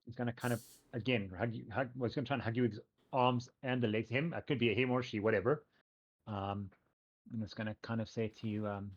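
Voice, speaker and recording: A man running a tabletop game, talking the table through each scene in a loose, rambling way full of fillers. His voice sits at an ordinary middle pitch, and the recording sounds dull and lo-fi. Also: steady tone, fast. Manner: loose, hedging description with many fillers. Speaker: game master.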